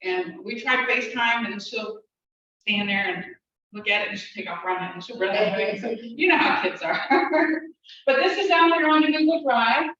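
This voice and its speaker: A middle-aged woman teaching a casual language class, chatting, laughing often and slowly repeating words to drill pronunciation. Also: a little high, sharp tone. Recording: roomy, distant, dull, faint hiss.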